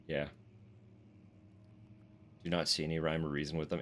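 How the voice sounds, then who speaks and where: A Canadian man with a very low voice, streaming a horror game live. He reads the game's lore text aloud between chatty, self-deprecating asides, swearing freely and laughing often. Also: level tone, moderate pace.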